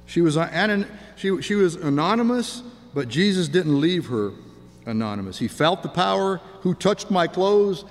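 A man's voice: fairly high pitch, lively intonation, normal speed, long reverb tail. A man preaching a sermon in an earnest way, often repeating and restarting his words.

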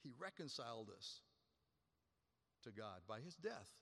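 Man preaching with bright, ringing emphasis. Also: very animated, measured pace, gravelly, in a large hall. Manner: emphatic preaching, swinging between loud high stresses and quiet low drops. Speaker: pastor. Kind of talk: sermon.

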